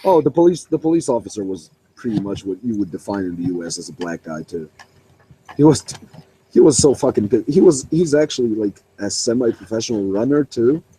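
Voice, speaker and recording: A man's voice: fairly low pitch, lively intonation, a little fast, mellow, a little hiss or hum, poor audio. A young man swearing freely as he tells a rambling story in a casual online voice chat. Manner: profane, rambling, laughing.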